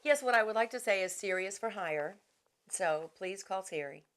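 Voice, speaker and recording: A woman's voice: mid-range voice, animated, moderate pace. A middle-aged woman voice actor answering interview questions in a chatty, self-deprecating way, often restarting her sentences.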